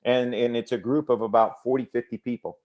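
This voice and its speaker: Energetic man giving a sales pep talk. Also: medium pitch, a little fast, dull audio. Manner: energetic, repetitive, addresses audience directly. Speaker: business training presenter. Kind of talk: motivational sales training talk.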